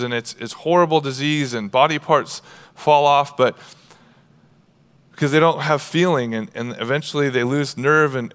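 A male pastor preaching a sermon, animated, moving between hushed passages and shouting. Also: a little high, clear, resonant tone, in a large hall. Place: church sanctuary.

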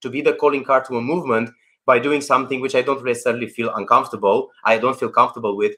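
A man being interviewed over a video call, talking about presenting online in an animated, emphatic way. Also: mid-range voice, very fast. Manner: animated, emphatic, acts out anecdotes. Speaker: guest, presentation coach.

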